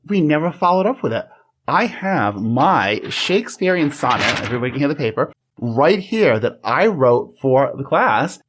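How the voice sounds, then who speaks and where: A man co-hosting a library podcast, chatty and playful, reading a poem aloud in measured lines. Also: mid-range voice. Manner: playful, reads his own poem aloud slowly. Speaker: podcast co-host. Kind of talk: casual podcast chat.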